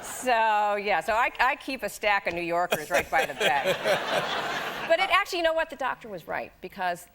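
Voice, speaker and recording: A woman in her forties, a talk show guest, telling animated anecdotes, laughing often and jumping into high voices when she quotes people. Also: normal speed, very noisy.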